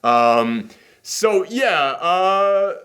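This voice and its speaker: A man with a slightly high voice talks through a movie in a loose, rambling way. He pokes fun at himself and has a runny nose. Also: big pitch swings, extremely slow, a bit bright. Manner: rambling, self-deprecating, acts out quotes in silly voices. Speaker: movie reaction host. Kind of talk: casual movie review chat.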